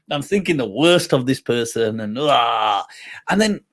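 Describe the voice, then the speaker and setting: A man hosting a talk show, telling a personal story in a casual, animated way with frequent laughter. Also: mid-range voice, slow. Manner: animated, laughs often, acts out quoted voices. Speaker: host.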